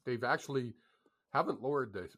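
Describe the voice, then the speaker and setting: A man's voice: mid-range voice, brisk, a bit bright. A man co-hosting a casual hockey podcast, swearing and laughing through the banter. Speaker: podcast co-host.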